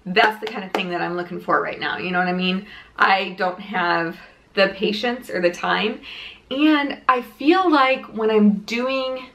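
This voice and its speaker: A woman's voice: mid-range voice, a little slow, a bit bright, slight background noise. Breathless, chatty young woman vlogging. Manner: chatty, rambling with many restarts and "like" fillers. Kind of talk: casual pregnancy update vlog. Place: home room lit by a ring light.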